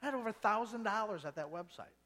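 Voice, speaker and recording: A man's voice: high voice, lively intonation, quick pace, pushed and bright. A man preaching a sermon, telling stories and acting out the voices of the people in them. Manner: storytelling, acts out voices and quotes. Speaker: pastor.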